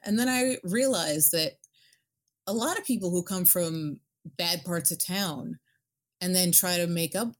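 A woman co-hosting a casual chat about a video game. She rambles, swears casually and gets animated. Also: fairly low pitch. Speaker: podcast co-host.

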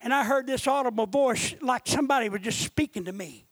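High-voiced impassioned preacher man. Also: fairly quick, no room sound. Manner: impassioned, rises to shouting. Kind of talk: sermon.

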